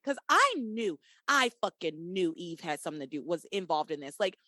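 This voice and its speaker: A woman co-hosting a podcast, recapping a soap opera in casual, animated chat, laughing and swearing often. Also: lowish voice, fairly quick, dry recording. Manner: animated, profane, laughs often, acts out characters' lines. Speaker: podcast co-host.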